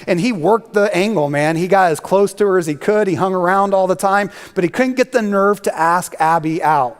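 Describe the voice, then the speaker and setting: A man's voice: sits high, moderate pace. A man preaching a sermon as a guest speaker, telling stories in a loose, conversational way with many fillers. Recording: long reverb of a church hall.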